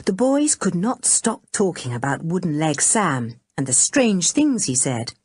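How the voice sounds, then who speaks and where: A woman narrating a children's adventure audiobook, reading in a measured storytelling way. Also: on the low side, big pitch swings, darkish tone, breathy edge, dry recording. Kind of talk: scripted narration. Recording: dry close studio recording.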